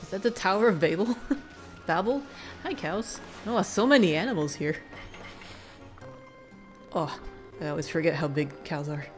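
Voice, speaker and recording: A woman's voice: low voice, normal speed, long pauses, soft background music. A woman streamer giving casual, chatty commentary while playing a video game. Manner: chatty, giggly asides.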